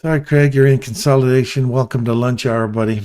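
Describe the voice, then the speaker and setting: A man with a voice of ordinary pitch hosts a live trading stream. He keeps up a loose, joking running commentary and calls out to his viewers by name. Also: steady tone, fairly quick, darkish tone, smooth. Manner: playful, chatty, addresses viewers by name. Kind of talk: casual live commentary to chat.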